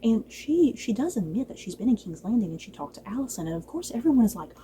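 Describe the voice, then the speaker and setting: Woman, casual TV review, mellow tone, chatty, laughs often, faint background hiss. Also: a little high, fast, low-quality recording. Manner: chatty, animated, laughs often, acts out quoted lines. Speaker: book and TV reviewer.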